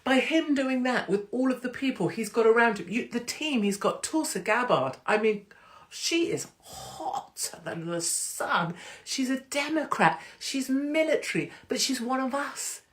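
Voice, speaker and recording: A woman hosting a casual livestream chat, cheeky and excitable, rambling with asides and joking interruptions as she reads out announcements. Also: on the high side, measured pace. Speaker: host.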